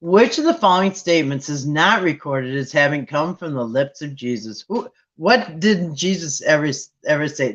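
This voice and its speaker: A man hosting a Bible trivia game with viewers, chatting casually and thinking aloud with restarts and sudden excited jumps. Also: on the high side, normal speed, few pauses. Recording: dull lo-fi sound.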